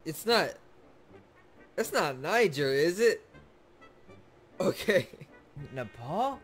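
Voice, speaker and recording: A man's voice: a little high, sing-song, drawn-out words, soft background music. A man chatting with strangers on a video chat, giggling, teasing and swearing freely. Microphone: computer mic on video chat.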